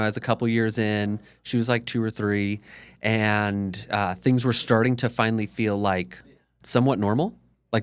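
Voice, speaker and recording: A man's voice: on the low side, smooth. A man in his thirties, a podcast guest, telling his story in a candid, conversational way full of "like". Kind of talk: casual storytelling interview.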